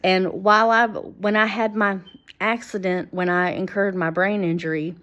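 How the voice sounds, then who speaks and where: A woman talking to camera in a halting, rambling way, full of fillers and restarts, and reading passages from screenshots aloud. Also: mid-range voice, steady tone, a bit bright. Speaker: vlogger.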